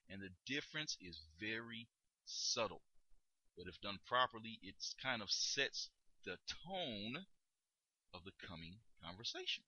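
A man coaching listeners on tone of voice, explaining and demonstrating in a lively instructional monologue. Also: lowish voice, a little slow, breathy edge, no room sound, poor audio. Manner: demonstrates tones, emphatic and lively delivery. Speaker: dating coach.

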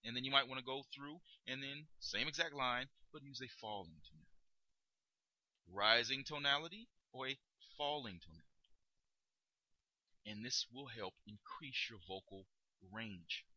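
A man's voice: mid-range voice, moderate pace, pushed and bright, dry recording, dull audio. A man hosting a podcast, coaching listeners in an emphatic, instructive way. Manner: coaching, emphatic, demonstrates tones. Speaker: podcast host.

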